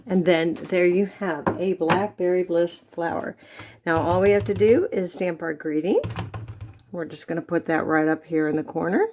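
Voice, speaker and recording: Woman, lower pitched, chatty craft demonstrator walking viewers through a tutorial. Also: normal speed, darkish tone, slight background noise. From United States. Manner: chatty, friendly step-by-step instruction with fillers. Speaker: stamping demonstrator.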